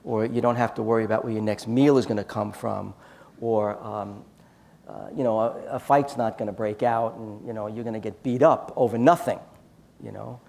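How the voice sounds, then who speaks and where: A man's voice: fairly low pitch, steady tone, moderate pace, creaky, darkish tone. A man giving a storytelling talk at a church conference, acting out quoted dialogue in his anecdotes. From United States.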